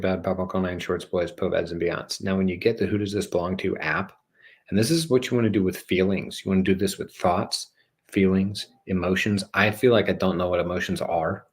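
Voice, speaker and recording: Male host, slightly low voice, loose playful delivery, jokey, rambles, some swearing. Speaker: host of a spiritual channel show. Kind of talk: casual rambling livestream monologue.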